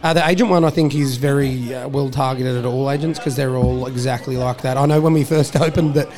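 A man's voice: medium pitch, steady tone, brisk, a little mellow, faint music behind. A young Australian man who runs a country pub, chatting in a joking, self-mocking way and laughing often. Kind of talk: casual interview chat.

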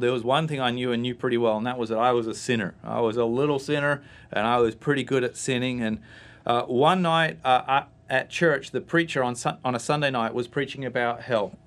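A man's voice: medium pitch, a bit bright. Man telling his testimony. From Australia. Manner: storytelling, acts out voices in his anecdotes. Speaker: guest. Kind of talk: personal testimony in a church talk show.

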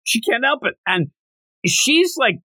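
Animated man retelling a story. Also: very high voice, a little slow, no room sound. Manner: animated storyteller, acts out characters' lines. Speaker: podcast co-host. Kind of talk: casual chat, manga review.

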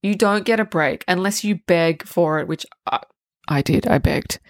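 Candid, rambling woman podcaster, low-pitched. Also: moderate pace. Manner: candid and rambling, swears freely, with many restarts. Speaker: podcast host. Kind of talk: solo spiritual podcast monologue.

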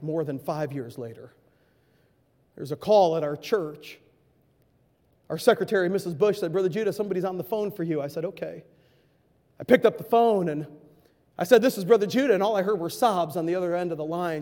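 A male preacher telling a story in a sermon, swinging from shouting passion to hushed quiet. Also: fairly high pitch. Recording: long hall reverb.

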